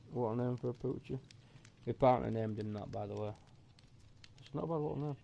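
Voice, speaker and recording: Gravelly gamer muttering. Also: male voice, mid-range voice, a little fast, warm tone, muffled recording, slight background noise. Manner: mutters and counts aloud while building, with mild swearing. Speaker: gaming streamer. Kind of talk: casual live gameplay chat.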